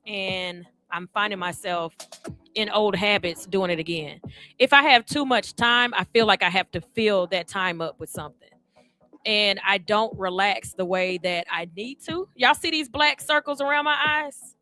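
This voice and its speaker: Bright-voiced woman radio host. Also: medium pitch. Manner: candid, chatty, addresses listeners directly. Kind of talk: candid personal talk-radio monologue. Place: radio studio.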